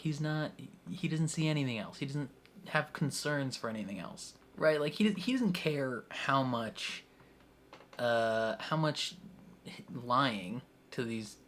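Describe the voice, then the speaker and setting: A man's voice: mid-range voice, unhurried, fairly bright tone, slight background noise. A young man hosting a TV reaction video, rambling casually with lots of "like" and frequent laughter. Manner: rambling, laughs often, heavy use of "like".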